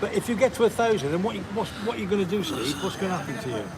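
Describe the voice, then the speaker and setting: A man co-hosting a casual live stream, asking quick, eager questions. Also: high voice, expressive. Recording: outdoor noise and passing vehicles.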